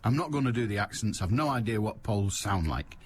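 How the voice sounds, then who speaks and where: Older Mancunian phone-in host, wry comic patter, animated delivery. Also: male voice, lowish voice, fairly quick, slight background noise. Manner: wry, teasing, laughs at his own jokes. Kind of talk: comic radio monologue. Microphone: studio microphone.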